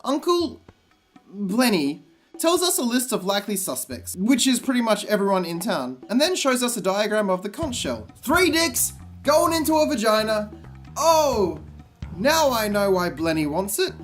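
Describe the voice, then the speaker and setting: A man giving sarcastic, comedic commentary on a game, with exasperated and deadpan asides. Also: sits high, moderate pace, faint music behind.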